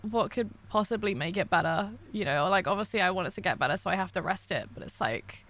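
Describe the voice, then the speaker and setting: A woman's voice: medium pitch, a little fast, hardly any pauses, a bit bright. A young woman streaming from her bedroom, tearful after crying, venting frankly to her chat and reading messages aloud in casual talk.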